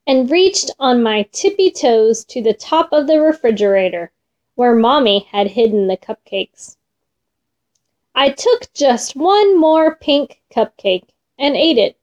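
A woman reading a children's storybook aloud in an expressive, gentle way. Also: high-pitched, muffled recording.

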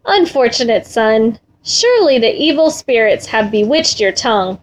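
A woman's voice: fairly high pitch, sing-song, moderate pace. A woman doing a stern, scolding mother. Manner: scolding, formal. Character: stern, impatient mother scolding her son.

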